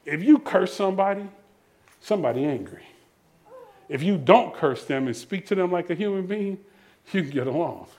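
High-pitched male preacher, church sermon, loud rhetorical shouts that drop to hushed asides. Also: lively intonation, moderate pace, pauses often. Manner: call-and-response questions, swings between shouting and low murmurs. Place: church before a congregation.

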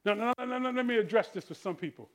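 A male pastor preaching a sermon in church, calling out to the congregation and swinging between hushed tender asides and shouted refrains. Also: very high-pitched, lively intonation, quick pace. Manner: preaching with call-and-response, rising to shouts; drops to soft tender voice for quoted lines.

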